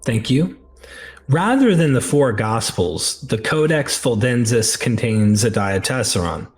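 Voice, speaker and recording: Host guy asking his guest questions, mid pitch, measured. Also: expressive. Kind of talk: reading audience questions.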